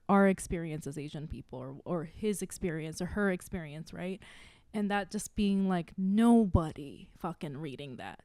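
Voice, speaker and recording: A woman's voice: fairly low pitch, darkish tone, no room sound, studio quality. A woman in her thirties, an actress guest on a podcast, talking casually and emotionally, tearful and laughing, with many fillers. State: crying.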